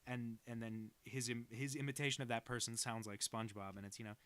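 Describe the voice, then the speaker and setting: Talking at a quick pace, a young cartoonist rambles through casual, self-mocking chat while drawing on a stream. His mid-range voice is steady in tone and fairly bright.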